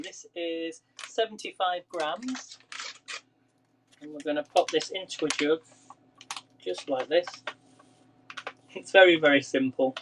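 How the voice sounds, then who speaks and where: A chatty man talks his viewers through a recipe from his home kitchen, laughing easily and calling out to people by name. His voice sits a little high, and a faint hum runs under the recording. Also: poor audio. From England. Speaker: live cooking streamer. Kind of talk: casual live-stream cooking chat.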